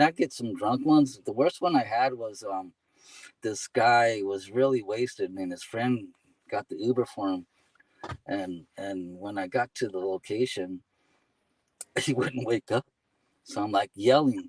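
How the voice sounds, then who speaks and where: A man's voice: lowish voice, measured pace, a little mellow, no echo, recorded from a distance, rough recording. A man chatting as a guest, telling casual stories and laughing often, with "you know" and "man" between his phrases. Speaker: guest, delivery driver. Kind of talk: casual storytelling.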